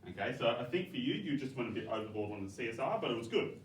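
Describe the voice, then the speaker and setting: A male teacher, giving classroom feedback in a coaxing, brisk way, often checking "okay?". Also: medium pitch, very animated. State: out of breath. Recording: echoey classroom, from far off, faint background noise.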